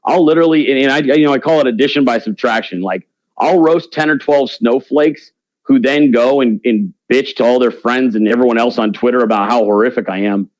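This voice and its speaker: A man's voice: mid-range voice, a little fast, no room sound, rough recording. Blunt, brash man with a dry sound. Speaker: guest. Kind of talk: casual interview talk.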